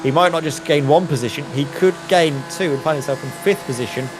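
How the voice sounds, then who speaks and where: A man giving steady, analytical live sim racing commentary with a dry sense of humour. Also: on the high side, quick pace, noisy background.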